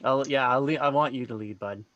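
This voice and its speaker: A man playing a tabletop game, laid-back and often trailing into a low mutter. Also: fairly quick, a bit bright, dry recording, lo-fi sound. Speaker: player.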